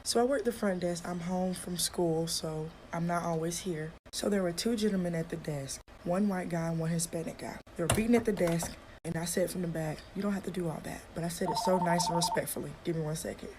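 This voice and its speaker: Young woman, upset vlog told into a phone at work, low voice, clear background noise behind her. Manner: upset, close to tears, talking fast. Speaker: hotel front desk worker. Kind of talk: vlog storytime. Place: at work in a hotel.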